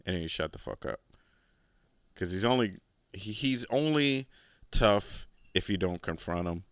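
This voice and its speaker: Guy rambling and cussing on his podcast, lowish voice, super dry sound. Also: expressive, measured pace, pauses often, a bit bright, smooth, no echo. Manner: rambling, profane storytelling. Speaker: podcast host. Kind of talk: casual solo podcast monologue.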